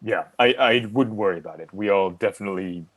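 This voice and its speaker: A man with a very deep voice talks at the game table. His speech is friendly and halting, full of ums and restarts. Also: fairly bright tone. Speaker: player. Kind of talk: casual in-character table talk.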